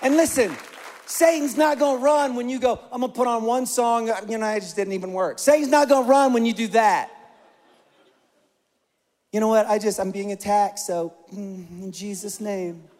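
Pastor, male, high-pitched, preaching with passion in a big reverberant church hall. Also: moderate pace, a faint crowd. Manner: passionate, rising and pushing into loud repeated calls. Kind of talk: sermon.

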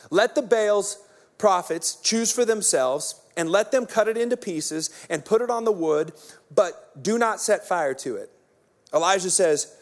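A man in his thirties, a pastor preaching a sermon as an energetic, joking storyteller. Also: high-pitched.

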